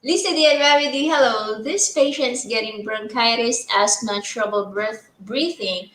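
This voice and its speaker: A woman co-hosting a casual livestream who reads out viewer names and comments in an unhurried way. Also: fairly high pitch, a bit bright, reverberant, poor audio. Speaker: co-host reading viewer comments.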